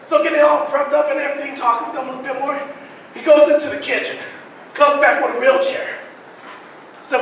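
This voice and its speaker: A young man with a very high voice does stand-up and tells a rambling story that pokes fun at himself. His voice is bright. The mic is distant, so the club room echoes heavily around him. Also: fairly even intonation, brisk, a little hiss or hum. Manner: rambling, self-deprecating delivery. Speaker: stand-up comedian. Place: small comedy club. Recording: roomy club sound from a far mic.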